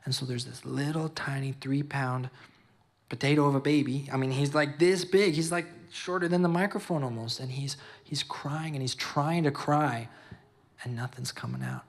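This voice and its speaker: A young man giving an emotional personal testimony at a youth service. He talks in halting bursts, repeats words and slips into preaching. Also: medium pitch, steady tone.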